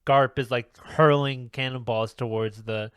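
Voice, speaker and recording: A man's voice: medium pitch, a little slow, clear, resonant tone, dry recording, clean studio sound. A man co-hosting a casual manga podcast, talking loosely with many fillers as he retells scenes. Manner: relaxed, leans on fillers, retells scenes with quoted lines. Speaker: podcast co-host. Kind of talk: casual chat reviewing manga.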